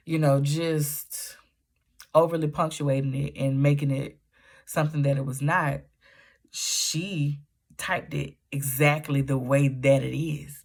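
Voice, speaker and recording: A woman talking casually on her book vlog, telling stories in lively Southern Black vernacular. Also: low-pitched. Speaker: book vlogger.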